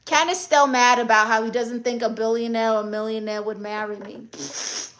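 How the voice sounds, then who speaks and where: Sassy bright-voiced New York woman. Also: on the high side, fairly even intonation, moderate pace. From Brooklyn, New York. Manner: sassy, playful, teasing. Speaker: livestream host. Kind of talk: casual livestream chat reading comments.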